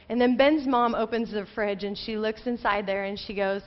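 A woman's voice: on the high side, fairly quick, hardly any pauses, dull audio. Woman preacher telling a chatty story. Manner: chatty storytelling, building to urgent appeals. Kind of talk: sermon with personal story. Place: church sanctuary.

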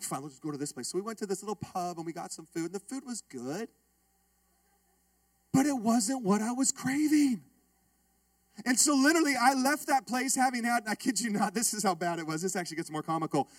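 A male pastor telling a funny story in his sermon, joking with and calling out to the congregation in a lively way. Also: high voice, a little fast, no room sound. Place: church.

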